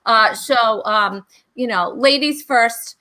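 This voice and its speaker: Running a trivia game on her casual online talk show, the bubbly host laughs frequently. She talks at a slow pace in a high voice that sounds bright and sharp.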